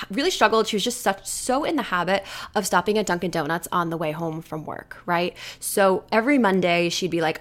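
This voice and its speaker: A woman's voice: fairly low pitch, fairly bright tone. A woman coaching on eating habits, talking casually and animatedly, acting out the voices of people she quotes. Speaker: nutrition coach.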